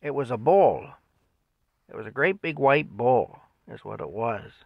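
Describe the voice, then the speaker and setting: A man's voice: mid-range voice, animated, measured pace, gravelly, breathy edge, dry recording, muffled recording. A man casually telling a rambling story at home, with chuckles and fillers. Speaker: vlogger telling stories.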